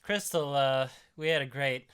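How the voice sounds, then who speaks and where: A relaxed man hosting an informal chat from the studio. He steers the conversation with easy, unhurried questions. His voice is bright and forceful at a mid pitch. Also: clear, resonant tone. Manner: relaxed, easygoing, leading the conversation. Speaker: host. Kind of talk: casual podcast chat. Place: recording studio.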